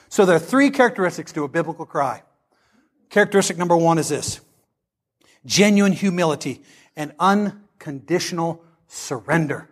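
Male pastor, high-pitched voice, impassioned sermon, dramatic scripture reading. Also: normal speed.

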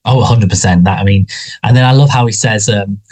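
A man's voice: fairly low pitch, a little fast, a little mellow. A man co-hosting a podcast, chatting casually and rambling with lots of restarts. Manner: rambling, frequent restarts and fillers. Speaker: podcast co-host. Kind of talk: casual chat about a sitcom.

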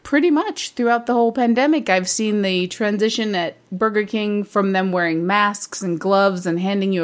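A woman in her fifties co-hosts a loose, casual podcast chat, speaking bluntly with no filter and laughing easily between points. Her voice sits at an ordinary middle pitch for a woman.

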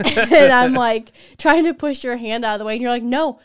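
A woman's voice: a little high, brisk, clear, resonant tone, no room sound, clean studio sound. A young woman co-hosting a podcast, animatedly retelling her partner's questions in casual chat. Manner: animated storyteller, quoting her partner, laughing often. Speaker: podcast co-host.

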